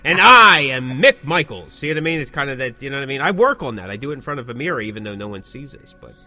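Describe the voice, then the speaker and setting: A man's voice: medium pitch, animated, very fast, pushed and bright. A man co-hosting a podcast, chatting casually and joking playfully about his own dramatic delivery. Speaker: podcast co-host. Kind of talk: casual chat.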